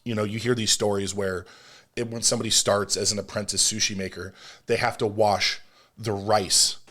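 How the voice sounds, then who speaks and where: A man with a lowish voice hosts a solo podcast and talks straight to the listener. His delivery is emphatic, and he slips in firm, scolding asides as he lays out his points. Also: level tone, normal speed, sharp tone. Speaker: podcast host.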